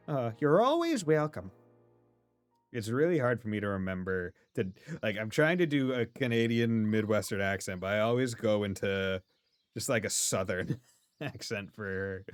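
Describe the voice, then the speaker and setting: A man's voice: fairly low pitch, moderate pace, clean tone, dry recording, soft background music. A man streaming a game live, talking casually and bluntly with some swearing. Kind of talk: live game playthrough commentary.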